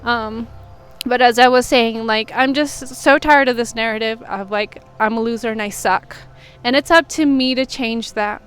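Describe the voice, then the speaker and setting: A woman's voice: on the high side, normal speed, fairly bright tone, smooth. A woman who does intuitive readings and healings, talking candidly and emotionally in a personal vlog. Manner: earnest, confessional, emotional. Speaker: intuitive healer and reader. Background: faint music from a neighbor.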